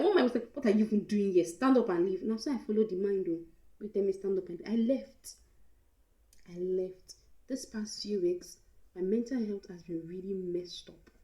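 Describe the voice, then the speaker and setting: A woman's voice: mid-range voice, dark tone, echoey room, poor audio. A young Nigerian woman vlogger telling a candid, emotional storytime, slipping into pidgin now and then. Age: young adult. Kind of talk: storytime vlog.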